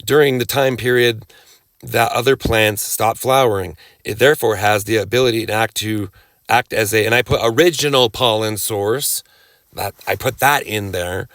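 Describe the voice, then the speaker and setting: On a dry recording, a man with a lowish, fairly bright voice lectures loosely on cannabis rights from slides. He wanders off track, stops and restarts, adds sarcastic asides, and occasionally coughs or clears his throat.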